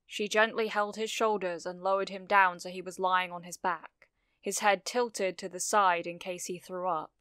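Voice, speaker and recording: A woman reading fan fiction aloud, narrating a story with steady, expressive delivery. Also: lowish voice, moderate pace, dry recording, studio quality.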